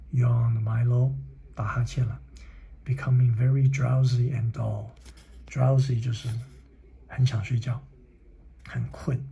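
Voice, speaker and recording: A man's voice: mid-range voice, little pitch movement, creaky, warm tone, dull audio. A man reading a children's book aloud and stopping to explain words, sometimes dropping to a whisper. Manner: reads slowly, stops to explain words in another language; drops to a whisper at times. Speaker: reader and teacher.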